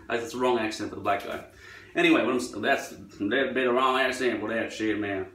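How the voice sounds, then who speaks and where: A man's voice: medium pitch, steady tone, fairly quick, a bit bright, distant mic. Vlogger, male, sarcastic foul-mouthed rambler, recorded off-mic in a roomy space. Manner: profane, sarcastic ranting. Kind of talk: rambling monologue while trimming hair. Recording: roomy echo, away from the mic.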